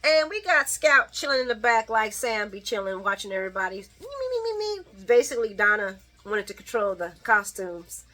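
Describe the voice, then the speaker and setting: A woman casually recapping a soap opera episode, laughing often and acting out the characters' lines in quick little voices. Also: mid-range voice. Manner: animated and giggly, acts out characters' lines. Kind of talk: casual chat.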